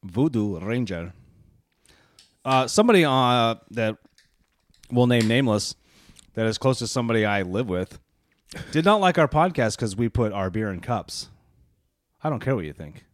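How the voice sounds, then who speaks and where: A man's voice: medium pitch, expressive, moderate pace, long pauses, no echo. A man, co-hosting a casual podcast, joking and teasing with frequent laughs. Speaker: podcast co-host. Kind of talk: casual chat.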